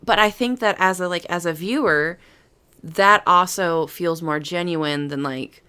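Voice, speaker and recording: A woman's voice: on the low side, a little slow, sharp tone, smooth. A young woman co-hosting a podcast in casual chat, chatty and thinking aloud with lots of fillers. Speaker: podcast co-host.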